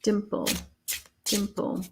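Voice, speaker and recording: A woman's voice: slow, a little mellow. A middle-aged woman reading tarot cards on a live stream, chatting with viewers and reassuring them, calling them honey and sweetheart. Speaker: psychic tarot reader hosting a live stream.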